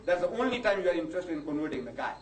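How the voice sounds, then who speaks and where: Impassioned older preacher in an echoey hall. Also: male voice, fairly high pitch, very animated, very fast. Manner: impassioned, rising to indignant outbursts. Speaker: Muslim preacher. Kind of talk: lecture to a live audience. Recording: echoey hall, distant mic, faint noise.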